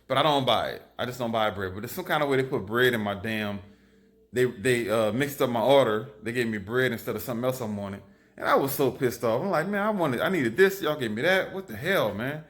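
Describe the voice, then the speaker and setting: A man, telling lively stories into his phone camera in a casual vlog. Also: mid-range voice. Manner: animated, repetitive, lively storytelling. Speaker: vlogger.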